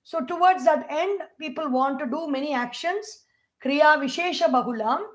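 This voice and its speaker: A woman with an Indian English accent delivers a scriptural discourse in a high voice. She talks in a measured, explanatory teaching manner. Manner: measured explanatory teaching with chanted Sanskrit verses. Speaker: spiritual teacher.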